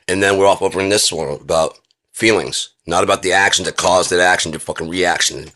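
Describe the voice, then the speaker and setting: Man, very low voice, bright and forceful tone, cursing rambling monologue, vlog. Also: fairly even intonation, brisk. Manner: profane, ranting, lecturing. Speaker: vlogger. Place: indoor room with a heater.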